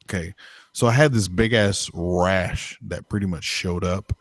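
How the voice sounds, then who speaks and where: A man with a low voice tells a story on a podcast, rambling along and swearing freely. His voice sits close and dry, with no room sound. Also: measured pace, no room sound. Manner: rambling, profane, filler-heavy. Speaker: podcast co-host. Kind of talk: casual storytelling chat.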